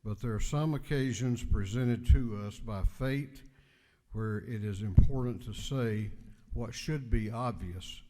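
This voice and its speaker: A man, speaker of a state legislature, delivering a formal floor speech with measured, emphatic delivery. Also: on the low side, warm tone. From United States. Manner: measured, emphatic oratory with deliberate pauses. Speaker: legislative speaker presenting a resolution. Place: state house chamber. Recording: reverberant legislative chamber.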